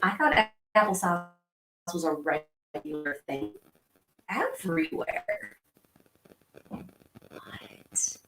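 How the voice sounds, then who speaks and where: A woman's voice: lowish voice, wildly swooping pitch, drawn-out words, long pauses. A woman in her thirties hosting a livestream, chatting casually and rambling as she answers viewer comments. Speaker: livestream host. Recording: echoey room with faint background hum.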